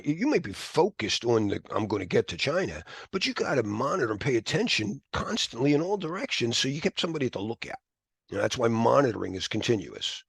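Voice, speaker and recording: A man teaching a live class, talking in a rambling, animated way with quick whispered asides. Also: medium pitch, creaky, husky, no room sound. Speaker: instructor.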